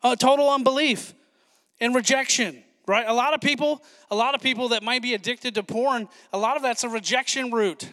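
A male pastor preaching a sermon with excited, fast-talking energy and asides to the congregation. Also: extremely high pitch, big-room sound.

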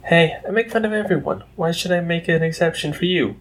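A man's voice: on the high side, brisk, pitched above the performer's own voice, natural voice. A man voicing a wry, sarcastic male military colonel with a dry, teasing delivery.

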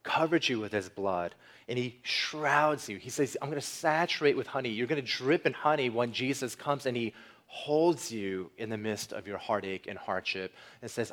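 A male pastor delivering a sermon with earnest emphasis, easing into a quiet closing prayer. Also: medium pitch, moderate pace. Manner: earnest preaching, rising for emphasis, softening into prayer.

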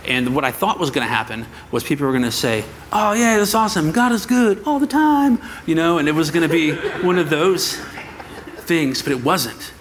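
Animated man preaching a story. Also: fairly high pitch, a little hiss or hum. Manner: animated storytelling, acts out quoted voices. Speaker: pastor. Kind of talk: sermon storytelling to a congregation. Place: church sanctuary.

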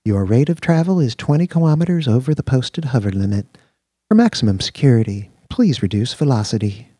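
A man doing a brisk monotone computer voice. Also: mid-range voice, breathy edge, no room sound, studio quality, voice pushed up. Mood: formal.

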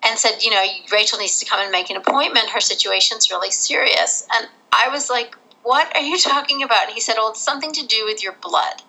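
Bright, gravelly-voiced woman telling her story. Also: medium pitch, fairly quick, hardly any pauses, rough recording. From Australia. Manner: candid, animated, laughs through the hard parts. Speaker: interview guest. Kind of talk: casual storytelling.

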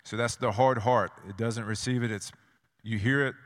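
A man's voice: on the low side, steady tone, moderate pace. Man, preacher, sermon, storytelling, rhetorical questions, repetitive phrasing, long hall echo.

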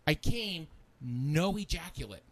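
Animated high-voiced man telling crude stories. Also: unhurried. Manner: animated, crude storytelling with squeaky character voices. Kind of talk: casual chat.

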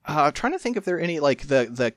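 A man's voice: a little high, big pitch swings, fast talker, fairly bright tone, dry recording, studio quality. A man chatting casually about a game, rambling with lots of fillers and amused asides. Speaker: podcast co-host discussing a game. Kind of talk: casual chat.

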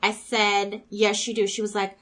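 A woman's voice: mid-range voice, moderate pace. A woman co-hosting a casual chat, telling stories about family and acting out what people said. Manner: animated storyteller, acts out family dialogue.

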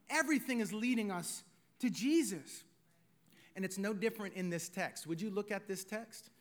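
A man's voice: extremely high pitch, pushed and bright. A middle-aged man, preaching a sermon in a conversational way, full of rhetorical questions. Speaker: pastor.

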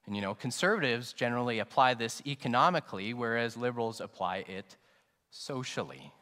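A man preaches a sermon with dynamic delivery, climbing to loud, emphatic peaks and then dropping to soft, low endings. His voice sits at an ordinary pitch for a man. It rings out with the long reverb of a church sanctuary. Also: expressive, a little fast. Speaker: pastor.

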